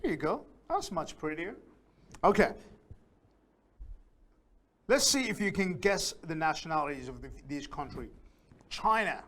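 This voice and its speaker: Slow-speaking man teaching English. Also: on the high side, animated, a bit bright. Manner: slow, careful, repeats words for pronunciation. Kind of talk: beginner English lesson.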